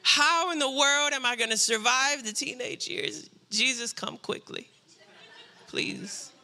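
Pastor, man in his thirties, high-pitched and very bright; lively storytelling sermon with comic asides. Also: normal speed. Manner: animated, jokey, acts out family voices. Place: church stage.

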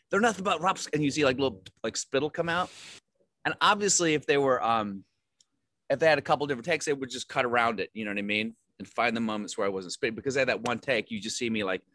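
A man's voice: medium pitch, a bit bright. A man, an actor, telling rambling self-deprecating stories in a casual interview, with many fillers and restarts. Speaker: actor guest.

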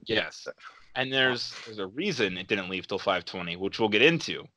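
A man's voice: lowish voice, expressive, moderate pace, sharp tone, dry recording. A young man hosting a podcast, telling a rambling story in casual chat and acting out the people he quotes. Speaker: podcast host.

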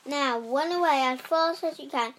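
A young reader voicing a skinny, scheming black cat with a coaxing manner. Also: female voice, high-pitched, moderate pace, fairly bright tone.

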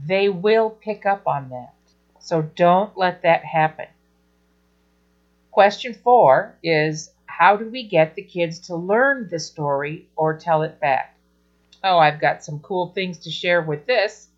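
Woman, children's ministry teacher; slow, lowish, dull lo-fi recording. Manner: earnest, amused, reads scripture aloud expressively. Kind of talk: teaching talk on storytelling.

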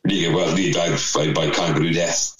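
A man's voice: deep voice, fairly even intonation, brisk, a bit bright, a little hiss or hum, poor audio. A man telling a rambling, sweary anecdote in casual chat, with laughs along the way. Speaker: storyteller.

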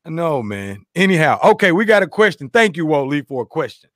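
A playful man hosting a podcast, his voice sitting fairly high and swinging widely as he jokes. The sound is dry and close, with no room around it. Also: a little fast, no echo. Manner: playful, joking, animated. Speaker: podcast host. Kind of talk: casual chat.

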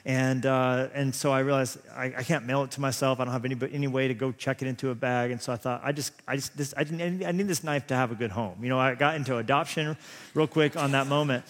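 A man's voice: mid-range voice, fairly even intonation, quick pace, a bit bright. Man preaching in a reverberant hall. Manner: rambling, self-deprecating storyteller with many restarts. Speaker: pastor. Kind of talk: sermon with personal stories.

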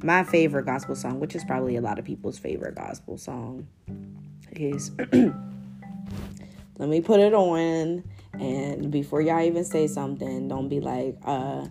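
A low-voiced woman hosting her own podcast, talking straight to her listeners as "y'all" with an American accent that drifts between northern and southern. She rambles along in a chatty, playfully boastful way over guitar music. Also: a little slow, creaky. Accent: American, mixing northern and southern. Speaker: podcast host. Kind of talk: casual solo podcast monologue.

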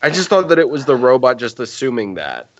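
A man's voice: mid-range voice, sing-song, a little fast, highs cut off. A man co-hosting a podcast in casual chat, rambling, laughing and stumbling over his words. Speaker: podcast co-host.

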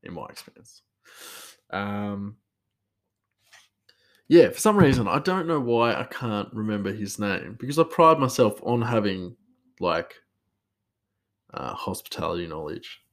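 A man's voice: on the low side, very animated, measured pace, pauses often. A man, a chef, talking casually on a podcast, rambling and hesitant with plenty of laughs.

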